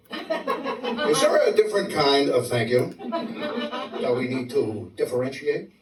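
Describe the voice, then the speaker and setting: This stand-up comic from New York City has a slightly high voice and works the comedy club crowd with brash, crude punchlines and stammered restarts. Heard from a distance in a roomy live recording, the set is punctuated by audience laughter.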